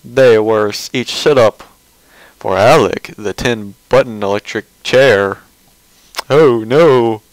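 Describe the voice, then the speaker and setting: A man's voice: on the low side, measured pace, no echo, poor audio. A man giving casual, rambling commentary on a webcomic page, mocking and sarcastic, often restarting his sentences.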